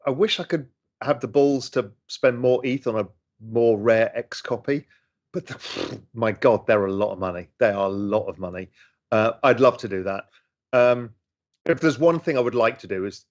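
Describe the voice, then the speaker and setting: A man's voice: medium pitch, moderate pace. A middle-aged man, chatting enthusiastically as he reads and answers chat questions on a casual livestream. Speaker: host answering audience questions. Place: home room. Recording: slightly dull lo-fi stream audio.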